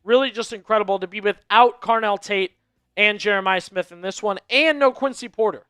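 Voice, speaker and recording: High bright-voiced man hosting a sports stream. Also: fairly quick, clean tone, no echo, soft background music. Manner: talks to viewers directly, repeating phrases for emphasis. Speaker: livestream sports show host. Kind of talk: casual pregame sports commentary.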